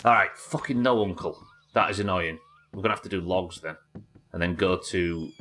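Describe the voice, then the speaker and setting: A man with a deep, sharp-toned voice talks at normal speed while streaming a game live. He chats casually with viewers and fellow players, answering their questions and swearing now and then.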